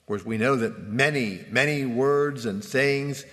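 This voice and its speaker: A pastor delivering a Good Friday sermon, speaking in a slow, measured way with frequent hesitations. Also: male voice, medium pitch, a bit bright. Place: church sanctuary. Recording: reverberant church hall.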